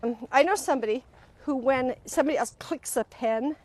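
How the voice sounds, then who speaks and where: A woman's voice: high-pitched, fairly quick. A woman hosting a live-stream talk on emotional healing, speaking earnestly to viewers and acting out quoted voices as she goes. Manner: animated, acts out quoted voices mid-sentence; earnest, directly addresses viewers. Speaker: host. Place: at home, on a live video stream.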